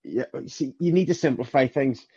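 A man's voice: medium pitch, a little fast, dark tone, slightly rough, no room sound, highs cut off. A man chatting casually on a podcast, hesitant and mumbling. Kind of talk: casual chat.

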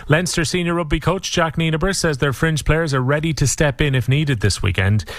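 A man reading the sports news in a brisk, even way. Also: medium pitch, dry recording. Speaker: sports newsreader. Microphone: studio microphone.

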